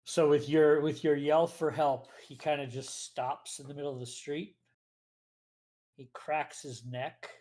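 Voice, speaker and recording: A man's voice: fairly high pitch, little pitch movement, a little slow, warm tone. Man narrating as game master. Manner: descriptive, explains rules plainly.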